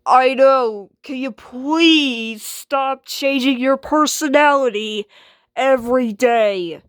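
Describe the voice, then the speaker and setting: A woman's voice: sits high, slow, smooth, no echo, clean studio sound. A woman voicing an exasperated washing machine. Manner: sighing, exasperated, sarcastic. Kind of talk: homemade skit voice acting.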